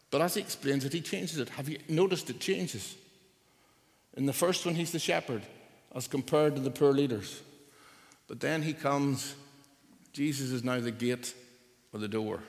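A male preacher delivering a sermon in a church hall, his mid-pitched voice ringing with long reverb. He talks with strong emphasis, climbing loud on key phrases and sinking quiet at their ends. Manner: emphatic, rises and drops for stress.

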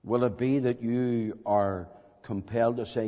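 A man preaching an evangelistic sermon in a meeting hall, slow and dramatic, pressing his listeners with emphatic questions. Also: mid-range voice, fairly even intonation, warm tone. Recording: dull lo-fi recording in a reverberant hall.

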